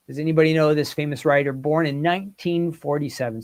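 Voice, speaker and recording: A man with a somewhat high-pitched voice hosts a relaxed quiz for his livestream viewers. He talks in an animated way, reads out their comments and guesses, and keeps the chat involved. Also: a little fast, few pauses. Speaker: host. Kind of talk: casual quiz with live chat.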